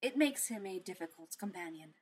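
A woman voicing a polite male AI butler, quiet, formal and composed. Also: mid-range voice, lively intonation, brisk, breathy edge. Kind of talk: audiobook character reading.

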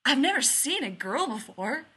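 Woman reading a sunny, naive fairy-tale young man in a storybook, polite and old-fashioned, bright voice. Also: on the high side, sing-song, normal speed, breathy edge, heavily acted. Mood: wondering.

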